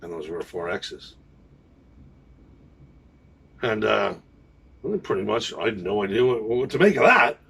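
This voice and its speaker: A man recounts a story in a casual, wry way. His voice is husky and rises and falls a lot. He sounds a little distant from the mic. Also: on the low side, lively intonation, unhurried, pauses often, pushed and bright. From Canada. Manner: wry, rambling anecdote with quoted dialogue. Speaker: pirate band musician.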